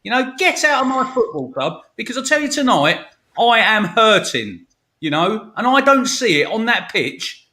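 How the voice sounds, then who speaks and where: A man's voice: high-pitched, very animated, moderate pace, pushed and bright. A man on a fan show ranting angrily about his football club, sweary and emphatic, over a video call. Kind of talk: heated football fan rant.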